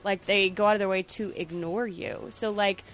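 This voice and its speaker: A woman in a casual group chat, asking a halting, rambling question full of fillers. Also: medium pitch, fairly even intonation, a bit bright, soft background music.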